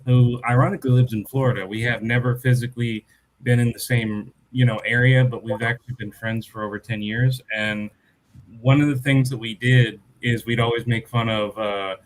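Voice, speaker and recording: A man's voice: mid-range voice, steady tone, normal speed, low-quality recording. Joking man co-hosting a livestream. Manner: casual, joking, runs the vote. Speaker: livestream co-host. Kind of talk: casual online chat.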